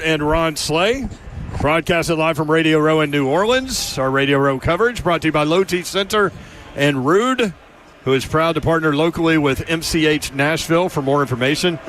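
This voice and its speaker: A man hosting a sports talk radio show, reading the intro and sponsor lines briskly. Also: medium pitch, fairly bright tone, a little hiss or hum. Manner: brisk announcer reads. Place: radio row event space.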